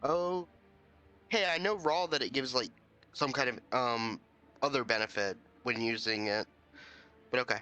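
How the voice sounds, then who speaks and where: Bright-voiced man playing a tabletop game. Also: mid-range voice, a little slow, pauses often, highs cut off, soft background music. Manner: chatty, asks rules questions. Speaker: player. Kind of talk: casual tabletop play.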